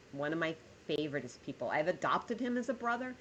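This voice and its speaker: A woman's voice: low voice, very animated, quick pace, few pauses, fairly bright tone, slight background noise. Emotional woman streaming a game. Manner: emotional, thinking aloud, gushing thanks. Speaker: live streamer. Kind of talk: live-streamed gameplay chat.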